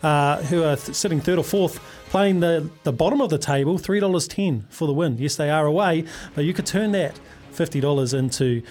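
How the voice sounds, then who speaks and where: Male radio host, high voice, lively, friendly banter, faint music bed. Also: a little fast. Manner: chummy, energetic, calls callers mate. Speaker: radio sports show host. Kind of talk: upbeat radio quiz with callers.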